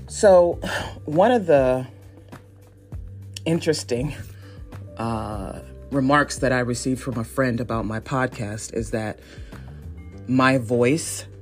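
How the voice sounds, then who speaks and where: A woman in her forties from Northeast Ohio hosts a solo podcast, chatting casually in a self-deprecating way and laughing often. Her voice is very deep with a darkish tone.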